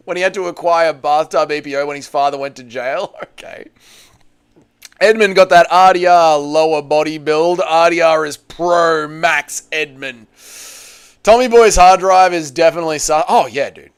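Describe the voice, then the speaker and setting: Aussie bloke on a live stream, kinda high smooth voice, swears a lot, teasing chat. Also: male voice. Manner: crude, teasing banter with frequent swearing. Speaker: livestream host. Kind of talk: casual watch-along chat, reading out viewer messages.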